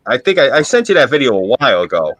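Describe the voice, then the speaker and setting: A man's voice: mid-range voice, racing, no room sound, poor audio. Guy telling wild stories on a stream, voice jumps all over, dry close sound. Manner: animated storyteller who acts out the people in his stories. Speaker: guest storyteller. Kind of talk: casual chat on a live stream.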